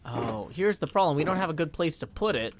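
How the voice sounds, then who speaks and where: A man in his thirties chatting casually on a live game stream, scattered and quick to mock-indignant outbursts. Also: fairly high pitch, expressive, a little hiss or hum.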